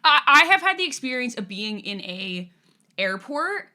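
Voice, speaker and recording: A woman's voice: on the high side, moderate pace. A woman co-hosting a podcast, chatting casually and animatedly, swearing freely. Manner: animated, swearing, slips into playful put-on voices. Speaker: podcast co-host. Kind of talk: casual chat.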